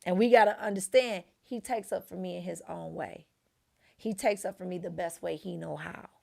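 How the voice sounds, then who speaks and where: Woman co-host, gravelly voice, lively storyteller who acts out dialogue, casual faith chat. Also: moderate pace. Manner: animated storytelling, acts out quotes with big pitch jumps. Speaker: podcast co-host.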